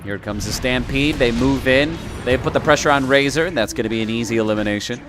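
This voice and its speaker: This is live esports commentary: a man with a mid-range voice talks fast as he calls the plays of a video game match and jokes around in between, with music running behind him.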